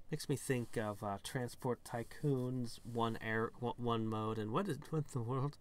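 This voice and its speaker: A man hosting a gaming video, reading the game's text aloud with animated delivery and wry asides. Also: medium pitch, slow pace.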